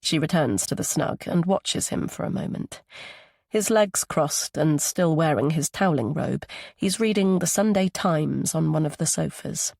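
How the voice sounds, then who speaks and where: A woman's voice: deep voice, a little slow, gravelly, a little mellow, dry recording, clean studio sound. A woman narrating a psychological thriller audiobook, giving each character its own voice.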